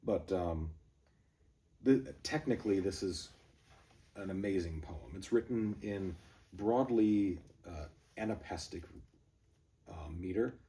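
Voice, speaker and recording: Mellow-voiced man reading poetry briskly. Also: deep voice, animated, far from the mic. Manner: brisk galloping recitation, rambling asides with fillers. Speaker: poetry reader and commentator. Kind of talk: poetry reading and casual commentary.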